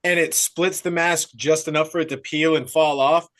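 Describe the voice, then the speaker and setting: A man's voice: on the high side, fairly even intonation, moderate pace, fairly bright tone. A man co-hosting a horror movie podcast, chiming in with jokes and enthusiastic asides. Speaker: podcast co-host. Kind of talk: casual movie review chat.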